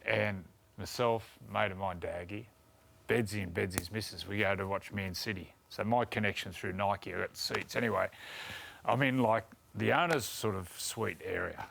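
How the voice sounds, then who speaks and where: A man with an Australian accent, co-hosting a rugby league show and telling animated stories with laughter. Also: fairly low pitch, moderate pace, gravelly, slight background noise. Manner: laughs through animated anecdotes. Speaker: co-host. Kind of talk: casual storytelling.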